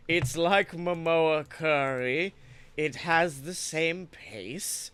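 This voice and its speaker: A young man improvises a silly tale in a playful, rambling way, tossing in crude jokes. His voice is bright and crisp, and he takes his time, recorded close and dry. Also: a little high. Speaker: podcast co-host. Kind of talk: improvised comedic storytelling.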